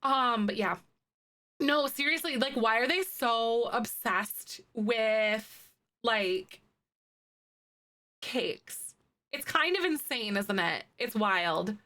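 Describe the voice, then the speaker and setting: A woman's voice: a little high, expressive, slow pace, long pauses, sharp tone. A woman live streamer chatting casually with her viewers as she plays, laughing often and peppering her talk with fillers. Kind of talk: casual chat with viewers while playing.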